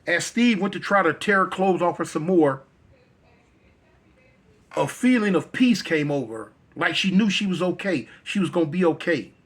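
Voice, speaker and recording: A man's voice: high-pitched, expressive, normal speed, slightly rough. A male storyteller telling a dramatic tale in a conversational, repetitive way.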